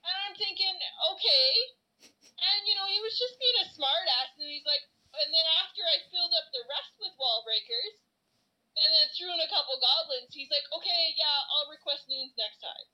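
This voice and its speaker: A woman's voice: extremely high pitch, moderate pace, pushed and bright, low-quality recording. A woman in casual chat, telling a sarcastic story about another player.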